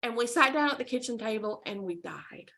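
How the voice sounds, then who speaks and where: Woman, podcast guest, animated storytelling, bright tone. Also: on the high side, brisk, vocal fry. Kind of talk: casual storytelling.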